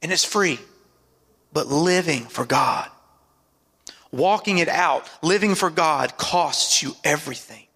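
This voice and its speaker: A high-pitched, gravelly man delivers a sermon as pastor, calling for amens and sinking his voice for emphasis. His tone is bright and forceful. The sound carries a long hall reverb. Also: slow pace, long pauses. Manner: preaching with call-and-response asides and dramatic drops in pitch.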